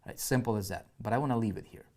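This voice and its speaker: A man's voice: lowish voice, quick pace, darkish tone. A man teaching online marketing on a live screen-share, chatty and full of "right?" check-ins and restarts, with keyboard typing heard behind him.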